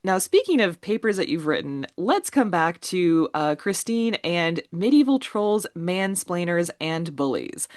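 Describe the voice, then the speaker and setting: A woman hosting an interview, asking measured questions. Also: on the low side, very animated. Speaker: podcast host.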